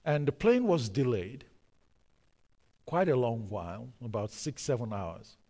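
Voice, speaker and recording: A man preaching a sermon through a story, emphatic, repeating key words and pausing on fillers. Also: mid-range voice, very animated, mellow, long reverb tail.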